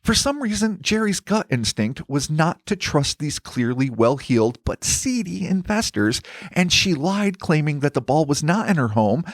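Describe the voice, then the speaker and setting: A man co-hosts a podcast and narrates a strange story from his notes. His voice climbs and falls a lot, sits a touch high, and the sound is dry and close. He mixes the reading with wry, profane jokes. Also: very animated, normal speed, no echo. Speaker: podcast co-host. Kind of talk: reading a paranormal story script with banter.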